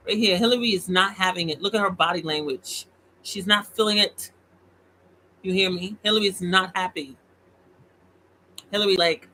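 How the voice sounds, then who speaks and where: A host giving casual, opinionated commentary on politics, animated and mocking. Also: female voice, on the low side, normal speed, pauses often, a little hiss or hum, poor audio. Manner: opinionated, animated, mocks voices. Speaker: commentary vlogger.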